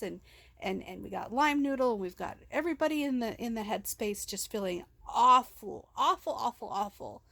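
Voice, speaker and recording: This vlogger's voice sits on the high side, a bit bright, with vocal fry and a moderate pace, and there's no echo. Holding her phone, she rambles emotionally through a raw personal story, restarting often and calling herself "we."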